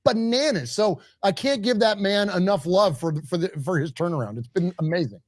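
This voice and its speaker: A man co-hosting a live postgame sports show, talking with emphatic, excited fan energy and sounding out of breath. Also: sits high, fairly quick, no room sound, clean studio sound. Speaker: co-host.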